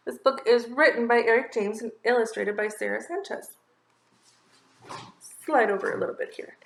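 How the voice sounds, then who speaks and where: A woman's voice: on the high side, moderate pace, gravelly. Lady reading a kids' picture book, bouncy sing-song, echoey room. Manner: lively, expressive, sing-song rhyme. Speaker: children's story reader. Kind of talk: storybook read-aloud.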